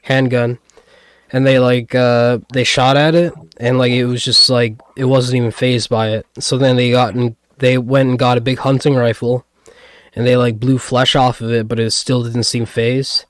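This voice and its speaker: A man's voice: mid-range voice, level tone, moderate pace, dry recording, clean studio sound. A man co-hosting a casual podcast, rambling and hesitant with lots of fillers and restarts. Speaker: podcast co-host.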